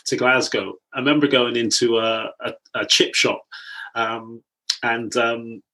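A man from England with a mid-pitched voice hosts a relaxed conversation. He tells anecdotes in a chatty manner and laughs easily as he goes. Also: measured pace. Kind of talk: casual conversation.

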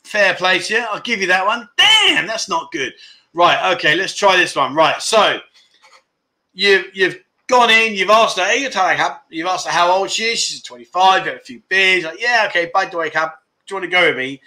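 A man's voice: high-pitched, animated, moderate pace, sharp tone. A man hosting a casual livestream, reading viewer comments aloud and teasing them with lots of laughter. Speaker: livestream host.

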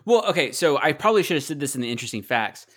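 A man's voice: fairly high pitch, racing. A man as a podcast guest, chatting casually about a film, quoting lines and sharing trivia. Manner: relaxed, chimes in with quotes and fun facts. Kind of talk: casual movie podcast chat.

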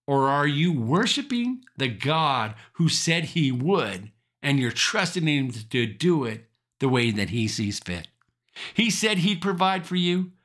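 A male pastor delivering a sermon in a high, bright register. His pitch swings widely as he drives home repeated encouragements. The delivery is emphatic, with the odd chuckle along the way. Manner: emphatic, repeating rallying phrases.

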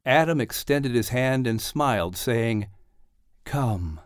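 Male audiobook narrator, calm, measured, mid pitch, dry studio read. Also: smooth, no echo. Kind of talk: scripted narration.

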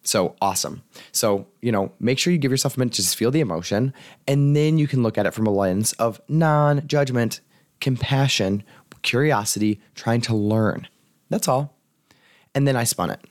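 A man's voice: medium pitch, normal speed, a little mellow, no echo, clean studio sound. A man hosting his own life coaching podcast, talking casually, swearing and laughing now and then. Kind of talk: casual solo podcast talk. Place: home apartment.

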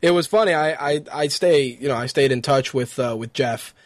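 A man's voice: mid-range voice, normal speed, no room sound, studio quality. A man hosting an internet radio talk show in a casual, chatty way, with loose swearing and a run of fight news. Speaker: podcast host.

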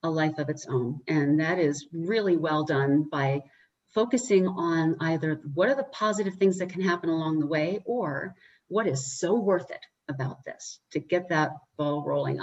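Husky woman on muffled lo-fi audio. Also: low voice, moderate pace. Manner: reflective, conversational, uses hedging fillers. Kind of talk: casual discussion.

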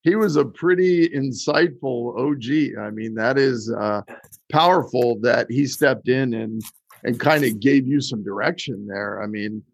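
A man hosting a conversational interview, asking questions in a loose, halting way with restarts. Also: mid-range voice, vocal fry, husky. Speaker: podcast host.

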